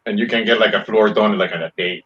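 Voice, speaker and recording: A man's voice: fairly low pitch, fairly even intonation, quick pace, a bit bright. A man chatting casually as a guest on a live stream, rambling with many fillers. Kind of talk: casual chat. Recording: dull lo-fi sound.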